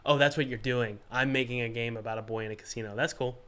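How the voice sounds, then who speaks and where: Bright-voiced man with a cold. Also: mid-range voice, quick pace, clean tone. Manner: energetic, rambling, jokey. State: has a cold, coughing. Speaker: game developer hosting a live Q&A stream. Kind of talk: casual livestream advice.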